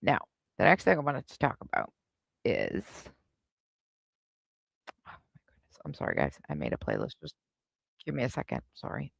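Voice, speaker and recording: A woman hosts a live reaction stream and comments on clips with sarcastic, snarky asides. Her voice is gravelly with plenty of fry and swings widely in pitch. The sound is close and dry, with no room behind it. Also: huge pitch swings, moderate pace, long pauses, dry recording, lo-fi sound.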